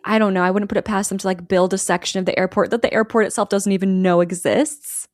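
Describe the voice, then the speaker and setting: A young woman tells a story in an animated, chatty way and slips into quick quoted lines from the characters. Her voice sits at a middle pitch. The sound is dry and close to the mic. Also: dry recording. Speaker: podcast co-host recapping a film. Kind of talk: casual chat.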